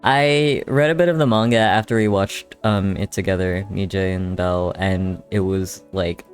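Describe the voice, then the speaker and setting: A man's voice: low-pitched, steady tone, moderate pace, faint music behind. Profane young male streamer, rambling. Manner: rambling, swears freely, talks back to chat. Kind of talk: casual chat while drawing on a live stream.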